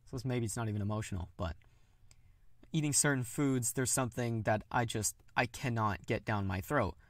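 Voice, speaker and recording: A man's voice: medium pitch, no room sound. Candid young man, close and dry. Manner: candid, halting, with nervous laughs. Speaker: podcast host. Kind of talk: personal confessional monologue.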